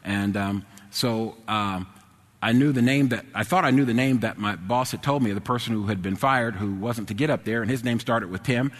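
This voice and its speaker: A man telling a personal anecdote to an audience. He is animated, dropping to low mumbles and rising to loud, excited exclamations. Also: normal speed. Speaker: storyteller. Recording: long hall reverb.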